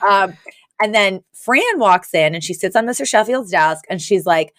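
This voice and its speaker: Woman podcast co-host, casual recap chat, giggly, mid pitch, dry close sound. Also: animated, normal speed, a bit bright, no room sound. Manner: giggly, chatty, acts out quoted lines.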